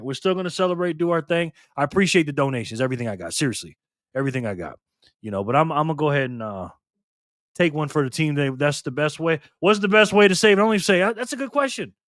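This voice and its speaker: A man's voice: on the high side, fairly bright tone, no room sound, studio quality. Laughing tired man hosting a livestream. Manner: laughs often, reads chat aloud. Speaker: livestream host. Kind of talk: casual livestream chat.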